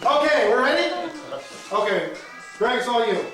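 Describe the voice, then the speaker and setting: A man with a fairly high voice jokes and teases audience members in quick, animated banter. He sounds distant from the mic in a very echoey venue. A loud crowd laughs along behind him. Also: faint music behind. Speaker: stand-up comedian. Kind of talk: crowd-work comedy. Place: live comedy venue with audience.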